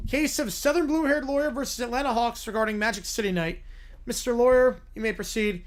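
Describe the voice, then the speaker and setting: A man's voice: very high voice, a little fast. A man voicing a stern male judge who gives formal, clipped rulings in a comic courtroom role-play.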